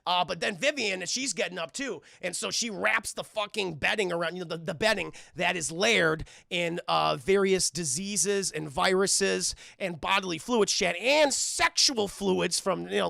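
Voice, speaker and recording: Male streamer, profane, animated recap, gravelly bright voice. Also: high voice, moderate pace, hardly any pauses, no echo, studio quality. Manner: profane, animated, addresses his chat constantly. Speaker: streamer and film reviewer. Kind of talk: casual live-stream film recap.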